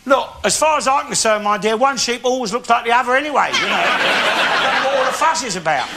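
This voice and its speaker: A ranting old bigot. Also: male voice, very high voice, expressive, fairly quick, noisy background. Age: 70s. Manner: grumbling, ranting, swears often. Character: cantankerous old working-class London bigot. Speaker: comedian in character. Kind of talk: stand-up monologue to a live audience. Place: theatre stage. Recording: live TV show with loud audience laughter.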